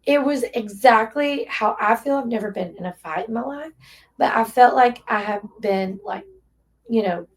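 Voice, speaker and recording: A woman's voice: on the high side, normal speed. A woman with an East Tennessee accent who runs a relief shelter, recounting a hard moment in earnest, heartfelt conversation. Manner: earnest, tearful recollection with Southern phrasing. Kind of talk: emotional storytelling in conversation.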